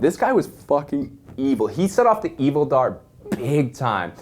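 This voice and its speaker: A young man telling a wild story in a casual, animated way, swearing constantly. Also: medium pitch, moderate pace.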